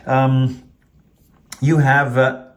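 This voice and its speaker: A man's voice: medium pitch, monotone, drawn-out words. A man casually reviewing a pocketknife, rambling with many fillers and restarts while handling the knife as he talks.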